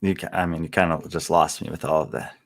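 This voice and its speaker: A man co-hosting a podcast, speaking in a measured and thoughtful way. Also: low-pitched, fairly even intonation, creaky, a bit bright, no echo, clean studio sound. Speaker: podcast co-host. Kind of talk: casual podcast chat.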